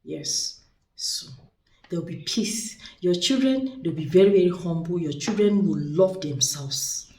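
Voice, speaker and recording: In an echoey room with a distant mic, a woman presents spiritual products in a casual showcase, chatty and persuasive and repeating words for emphasis. Her voice is fairly low and warm, with lively intonation and a measured pace.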